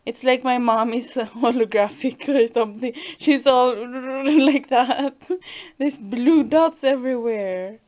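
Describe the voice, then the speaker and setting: A woman's voice: on the high side, takes it slowly. A woman in her twenties gives a casual tour of her home on video, laughing easily and searching for words. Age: 20s. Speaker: daughter co-hosting vlog. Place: home room. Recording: dull lo-fi home video sound.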